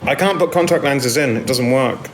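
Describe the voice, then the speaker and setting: A man's voice: mid-range voice, moderate pace, background noise. A man chatting casually on a live stream from home, rambling and self-deprecating as he answers viewers' comments into his phone. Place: indoors at home.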